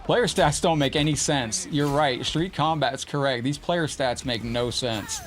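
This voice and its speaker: A man's voice: mid-range voice, normal speed, few pauses, slight background noise. Casual man streaming a fighting game. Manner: casual, chatty, greets viewers mid-match. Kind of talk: live gameplay commentary and chat.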